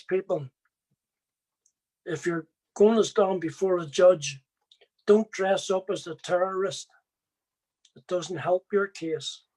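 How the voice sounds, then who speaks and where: A man's voice: sits high, a little mellow. A man giving a personal faith testimony, telling his story plainly and speaking straight to his listeners.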